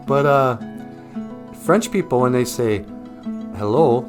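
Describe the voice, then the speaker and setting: A man's voice: medium pitch, big pitch swings, a little slow, pauses often, over music. A man hosting a language show, talking casually to viewers with frequent laughs and joking asides. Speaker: host of an Ojibwe language show. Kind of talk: casual talk to camera.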